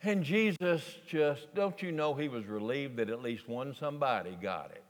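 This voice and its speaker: A man preaching a folksy, animated sermon to a congregation in a large church sanctuary. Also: mid-range voice, moderate pace. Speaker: pastor. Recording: long reverb of a large church hall.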